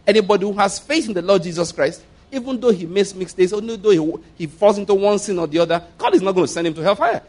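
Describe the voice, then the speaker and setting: A middle-aged male pastor preaching a sermon in an emphatic, animated way, often repeating his phrases. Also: high-pitched.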